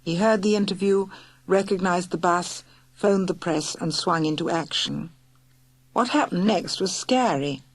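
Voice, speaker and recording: A woman narrating a children's audiobook in a lively, clear storytelling manner. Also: fairly low pitch, measured pace, no echo. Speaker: audiobook reader.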